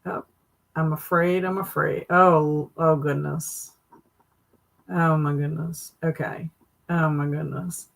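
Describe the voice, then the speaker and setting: Woman, slow, gravelly, amused livestream host. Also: deep voice, steady tone, poor audio. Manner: amused, laughing reactions. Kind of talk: casual livestream commentary.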